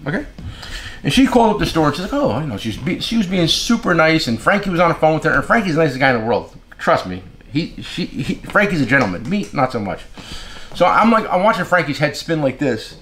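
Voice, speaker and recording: A man hosting a casual tool shop video, telling stories in an animated, exasperated way and repeating himself. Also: on the high side, quick pace. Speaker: tool shop owner and channel host. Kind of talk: casual storytelling rant to camera.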